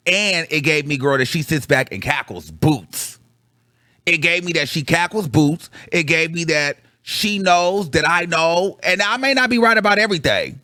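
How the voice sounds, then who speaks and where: A man with a higher-than-usual voice recounts a story to his viewers in casual, slangy chat. His delivery is animated, dropping to low mutters and then jumping to high, excited bursts. The sound is close and dry, with no room echo. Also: moderate pace. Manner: slangy, calls the audience girl. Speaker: vlogger reviewing a concert.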